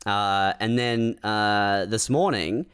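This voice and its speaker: A man in casual podcast chat, laid-back, rambling and halting with many fillers as he tells a story. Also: on the low side, a bit bright, clean tone.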